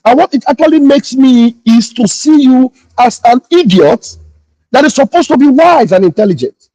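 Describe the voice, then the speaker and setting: A man's voice: extremely high pitch, expressive, moderate pace, warm tone, no room sound, rough recording. A man, a pastor hosting a morning livestream, scolding his critics indignantly and repeating his phrases. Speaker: pastor and online host.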